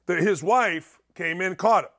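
Here is a middle-aged male talk-show host with a notably high voice. He rants through an opinionated monologue, sarcastic and mocking, as he hammers his points home. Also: measured pace, fairly bright tone. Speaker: sports radio host.

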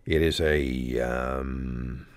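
Man, from Canada, radio talk host, very low pitch, rambling, searching for words. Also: steady tone, drawn-out words, no room sound.

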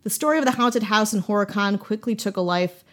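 A woman's voice: mid-range voice, fairly quick. Playful Wisconsin-raised woman podcast host. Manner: playful, jokey, laughs often. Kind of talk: casual storytelling chat.

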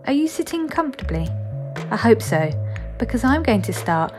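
A woman's voice: a little high, big pitch swings, normal speed, over music. A woman, reading her own personal essay in a candid, wry, conversational way. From East London, England.

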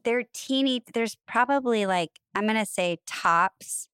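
A woman's voice: a little high, a little slow, a bit bright, clean tone, no echo, studio quality. A woman co-hosting a podcast in casual chat, a chatty storyteller who laughs easily and says "like" often. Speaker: podcast co-host.

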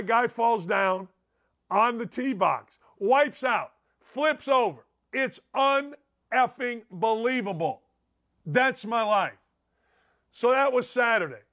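A middle-aged man hosting a sports radio show, with a strikingly high voice. He tells rambling stories in an excitable way and laughs at his own punchlines. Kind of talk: animated storytelling monologue.

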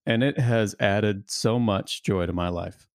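Brief: male podcast co-host, lowish voice, dry close sound, playful. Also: unhurried, no room sound. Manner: playful teasing. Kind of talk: casual chat.

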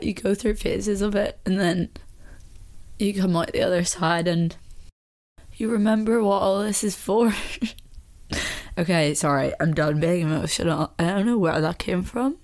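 A young woman in her twenties talks through her thoughts on her own podcast, slightly low-pitched and unguarded. She rambles openly, peppering her sentences with "like" as she thinks aloud in a confessional, chatty flow. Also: darkish tone. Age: 20s. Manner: rambling and chatty, heavy use of "like"; open and confessional. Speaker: podcast host. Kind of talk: candid casual monologue.

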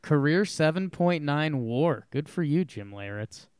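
A man's voice: a little high, animated, a little slow, a little mellow, clean tone, dry recording, clean studio sound. A man co-hosting a podcast, chatting casually and chiming in with short agreeing replies. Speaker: podcast co-host.

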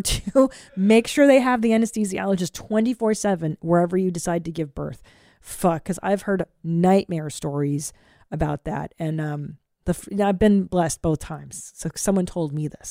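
A woman hosting a podcast, chatting casually and telling stories in a blunt, profane, animated way. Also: on the low side, dry recording, studio quality. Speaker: podcast host. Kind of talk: casual chat.

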